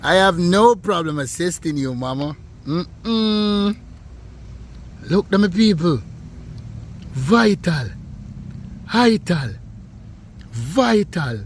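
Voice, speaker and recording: A young Jamaican man, playful and teasing, chats through a home cooking video. His voice sits slightly high. A faint hum of background noise runs under the recording. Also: slow. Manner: playful, joking, shouts out to fans. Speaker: co-host, son of the cook. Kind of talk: casual cooking vlog banter.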